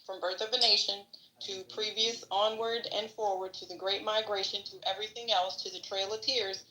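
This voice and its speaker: A woman's voice: mid-range voice, steady tone, moderate pace, bright, forceful tone, reverberant, low-quality recording. A woman co-hosting a podcast, giving opinionated, salty, rambling political commentary. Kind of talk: casual political discussion.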